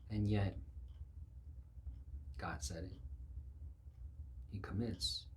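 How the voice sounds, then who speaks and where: A man's voice: on the low side, unhurried, pauses often, slight background noise. Emphatic male preacher. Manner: emphatic, acts out quoted voices. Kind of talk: sermon.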